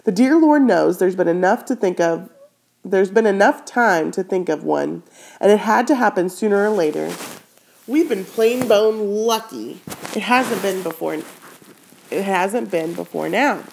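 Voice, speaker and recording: A woman's voice: mid-range voice, expressive, measured pace, gravelly, a little mellow, a little hiss or hum. Woman doing a flustered, pleading farm mother. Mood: helpless. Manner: pleading, breathless, soothing.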